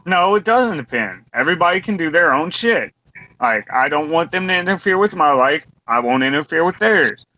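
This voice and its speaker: Man in his twenties, blunt profane rant, slightly high voice, muffled lo-fi sound. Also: lively intonation, normal speed. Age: 20s. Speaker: podcast co-host. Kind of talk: casual round-table rant. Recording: dull lo-fi recording.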